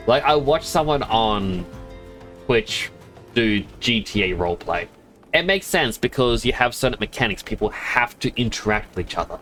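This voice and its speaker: A man's voice: mid-range voice, expressive, moderate pace, fairly bright tone, soft background music. A man streaming a game, chatting casually in a rambling, self-amused way. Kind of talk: casual chat while gaming.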